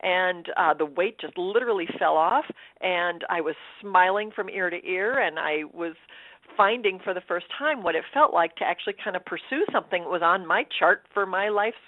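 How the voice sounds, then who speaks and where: Animated woman on a phone line. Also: medium pitch, no echo. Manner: animated, laughing, acts out her own inner voices. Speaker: guest. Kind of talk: radio interview storytelling. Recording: dry tinny phone line.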